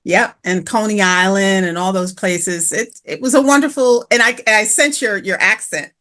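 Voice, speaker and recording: A woman's voice: medium pitch, normal speed, sharp tone. A woman who grew up on the New Jersey Shore, hosting an interview and chatting, with many short agreeing replies. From New Jersey Shore, USA. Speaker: host. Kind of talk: casual interview chat.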